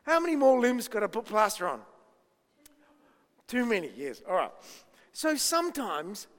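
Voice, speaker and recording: A man's voice: sits high, wildly swooping pitch, normal speed, fairly bright tone, in a large hall. A man giving a playful children's talk at church, asking the kids lots of questions. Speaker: children's minister.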